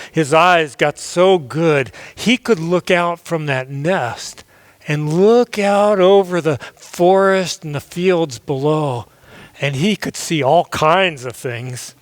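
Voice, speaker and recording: A male pastor telling a children's story in an animated way, acting out the scenes. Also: on the high side, dry recording.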